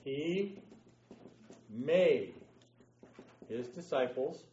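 Recorded on a distant, dull mic in an echoey room, this Bible study teacher speaks extremely slowly yet animatedly in a mellow, mid-range voice, with a little hiss or hum. He runs an interactive lesson, emphatically quizzing his class and frequently asking "okay?".

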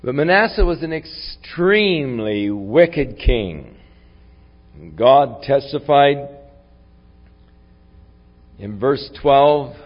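A man preaching a sermon, reflective in tone and rising to forceful when he reads scripture aloud. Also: mid-range voice, expressive, very slow, pauses often. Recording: long hall reverb, dull lo-fi sound.

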